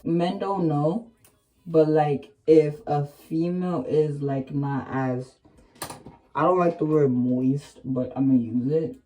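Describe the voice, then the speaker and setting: A young woman vlogger chatting candidly in a casual storytime, heavy with slang and fillers, sometimes rising to excited exclamations. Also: low voice, slow pace.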